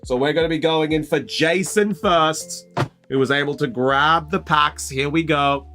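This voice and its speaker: A young Australian man hosting a casual live stream, chatty and excitable, calling viewers mate and bro and breaking into loud, high exclamations. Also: unhurried, music in the background. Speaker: live stream host opening trading card packs.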